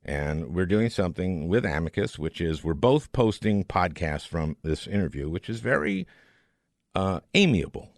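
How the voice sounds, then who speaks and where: A man's voice: low voice, sing-song, normal speed, no echo, studio quality. A man hosting a podcast interview, talking in an impassioned, emphatic way as he makes his case. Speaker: podcast host.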